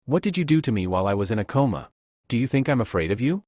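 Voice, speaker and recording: A man voicing a fierce young mermaid woman in a comic recap, reading her lines in a plain, lively voice. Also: mid-range voice, quick pace, dry recording, studio quality. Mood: tense.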